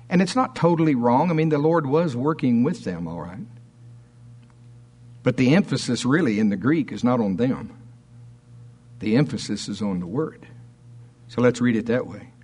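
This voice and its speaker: A man preaching a fervent sermon, reading scripture aloud and slowing down to stress key words. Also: medium pitch, a little mellow, breathy edge.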